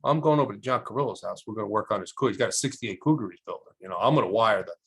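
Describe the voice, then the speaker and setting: A man's voice: expressive, very fast, fairly bright tone, slightly rough. A middle-aged man, a guest telling stories and acting out the voices of people in them. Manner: acts out quoted voices with big pitch jumps. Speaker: podcast guest, electrical contractor. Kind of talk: animated storytelling.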